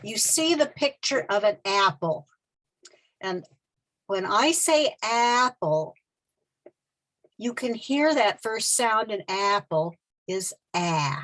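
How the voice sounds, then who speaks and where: A woman leads a pronunciation lesson, speaking slowly and deliberately. She is patient and repeats each vowel sound and word so the learner can copy her. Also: mid-range voice, expressive, a bit bright. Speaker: literacy teacher.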